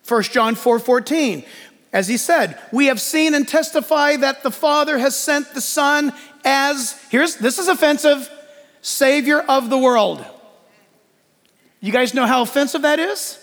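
A male pastor preaching a lively sermon in church, joking and acting out quotes as he goes. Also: extremely high pitch, a little slow, long reverb tail. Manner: animated preaching with jokes and acted-out quotes.

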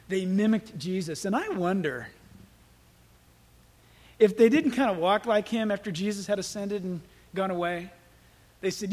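A man preaching a sermon as pastor, telling stories in an animated way. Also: sits high, unhurried, pauses often. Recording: echoey hall with long reverb.

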